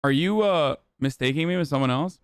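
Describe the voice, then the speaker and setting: A man hosting a live stream talks casually and swears freely as he answers chat with sarcasm. His voice is smooth and resonant and sits a little high. The sound is close and dry, with no room echo. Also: brisk. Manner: profane, blunt, reacting to chat with sarcasm. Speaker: livestream host.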